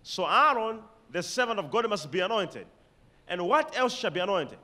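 A Malawian man delivers a sermon with a bright, forceful voice that sits high. His delivery swings widely in pitch and loudness. He reads scripture slowly and has the congregation repeat and underline key words. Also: very animated. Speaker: preacher.

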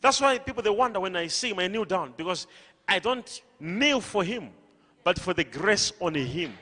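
A man preaching a sermon to a congregation, emphatic and repetitive, rising at times to shouts. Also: sits high, lively intonation, moderate pace, in a large hall. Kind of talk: sermon with call-and-response. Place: large church hall.

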